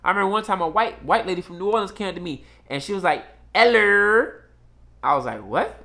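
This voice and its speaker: Blunt, emphatic male commentator, slightly higher voice, casual monologue. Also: expressive, very fast, pushed and bright.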